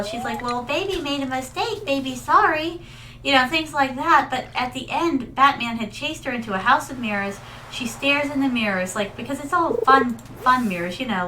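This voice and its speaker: A woman's voice: on the high side, pushed and bright, a little hiss or hum, poor audio. A woman Vtuber streamer chatting casually and rambling through stories while playing, calling her viewers her darlings. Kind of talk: casual gaming livestream chat.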